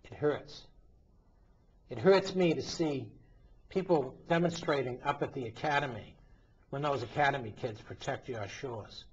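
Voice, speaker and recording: Speaking at a measured pace in a husky, medium-pitched voice, this priest fronts a talk show and delivers emphatic, indignant commentary full of rhetorical questions. It's an impassioned monologue captured on a dull lo-fi recording.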